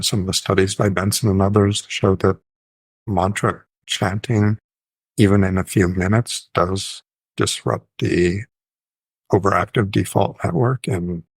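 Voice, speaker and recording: A fairly low-pitched man with a gravelly edge to his voice talks as a psychiatrist host in an informal educational style. He is thoughtful and measured, often correcting himself. Now and then he intones short phrases in a sing-song rhythm, and the sound is dry and close. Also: no echo.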